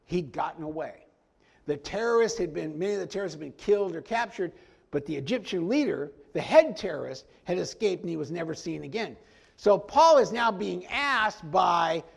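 A man preaching a conversational verse-by-verse sermon, animated and folksy, often stepping into the story to act out the characters. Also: high voice, creaky, husky. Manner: animated, acts out quoted lines in the story; folksy, frequent "I mean" asides. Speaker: pastor teaching a Bible study.

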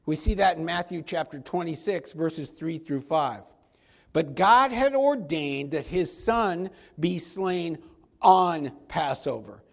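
A male pastor preaching a sermon, emphatic and slowing down to stress key points. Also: a little high, lively intonation.

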